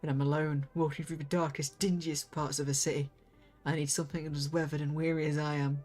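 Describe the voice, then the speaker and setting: A woman playing a weathered hard-boiled detective in a game, a grave low voice with a Northern English lilt. He talks slow and clipped, all world-weary grit, while soft music plays quietly behind. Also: level tone. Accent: Northern English, borderline Yorkshire.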